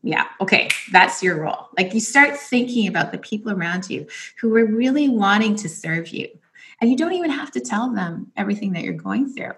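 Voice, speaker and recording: A woman's voice: medium pitch, animated, fairly quick, a bit bright. Encouraging woman host giving advice. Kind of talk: casual podcast conversation.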